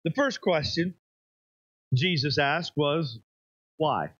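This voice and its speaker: A man preaching with a bright, high, lively voice that leaps up for emphasis and sinks low. The sound is dry and a little dull, like a modest church recording. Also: slow pace, dry recording. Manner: emphatic, rises and drops sharply for effect. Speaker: pastor. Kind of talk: sermon.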